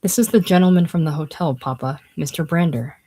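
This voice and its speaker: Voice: mid-range voice, brisk, dark tone, slightly rough, close to an everyday voice. Shy young woman, hesitant and flustered, read by a casual narrator. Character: shy, blushing young working-class woman.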